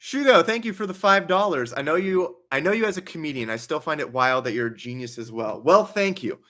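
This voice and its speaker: A man's voice: on the high side, lively intonation, fairly quick, bright, forceful tone. A young man hosting a casual livestream Q&A, reading donations aloud and chatting with a laugh in his stories. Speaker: livestream host.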